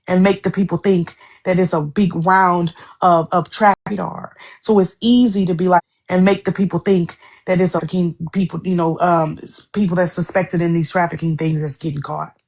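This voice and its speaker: Gravelly woman, heated and profane. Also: lowish voice, fairly even intonation, moderate pace, few pauses, a little mellow. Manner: heated, profane, repeats herself. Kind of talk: casual chat.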